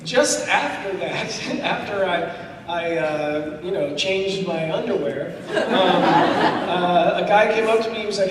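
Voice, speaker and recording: A man with a high voice tells animated, laughing stories to a fan panel, acting out what others said. He sounds distant from the mic in a big echoing convention hall, with steady crowd noise behind him. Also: moderate pace.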